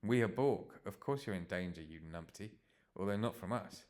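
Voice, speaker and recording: A man voicing gruff male cyborgs in a put-on Yorkshire accent, with blunt, folksy, grumbling talk. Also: deep voice, moderate pace, a little mellow, natural voice.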